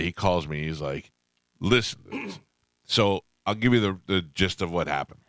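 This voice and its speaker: A radio host telling a story in casual chat, acting out the people in it. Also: male voice, on the low side, no room sound, studio quality. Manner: animated, acts out quoted voices.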